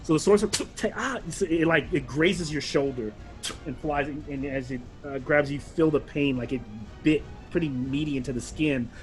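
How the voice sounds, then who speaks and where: A man's voice: a little high, moderate pace. Rambling male game master, faint music. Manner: loose, rambling narration with many fillers. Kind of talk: narrating a tabletop game.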